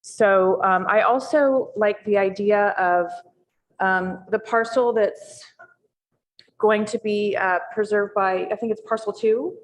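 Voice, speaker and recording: A woman on a city board giving her comments in a public meeting, thoughtful and hesitant with frequent pauses and restarts. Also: mid-range voice, steady tone. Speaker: board member.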